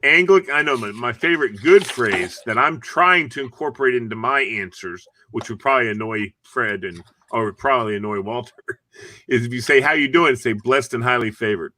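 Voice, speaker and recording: A man's voice: medium pitch, lively intonation, fairly quick, sharp tone. A man hosting a casual group chat show, telling stories with lots of laughter and animation. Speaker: show host.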